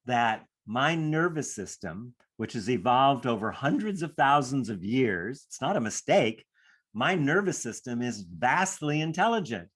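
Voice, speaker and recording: A man's voice: mid-range voice, fairly bright tone, breathy edge. A man teaching a class on stress, speaking reflectively and acting out inner voices as he explains. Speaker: stress coach.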